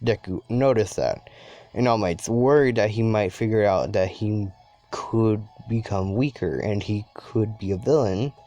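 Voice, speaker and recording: A man's voice: lowish voice, a little slow, dark tone, faint music behind. A man narrating an improvised fan story, rambling with many restarts.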